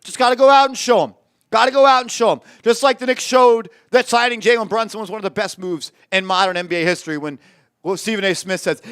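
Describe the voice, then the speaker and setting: A man's voice: high-pitched, fairly bright tone, smooth, no room sound, studio quality. A man hosting a sports talk show, ranting bluntly and heatedly, swearing as he goes. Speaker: host.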